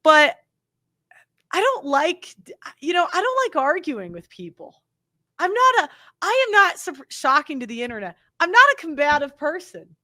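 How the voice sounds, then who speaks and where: Very animated at a moderate pace, this young show host speaks in a high, pushed, bright voice, recorded with no echo. Her opinionated monologue to camera is indignant and defensive, full of "like" and "you know," and she imitates those she quotes.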